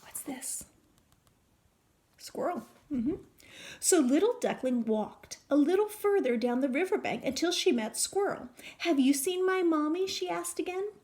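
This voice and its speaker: High-voiced teacher reading to small kids. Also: female voice, a little slow. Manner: animated, questioning, sing-song. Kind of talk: reading a picture book to young children.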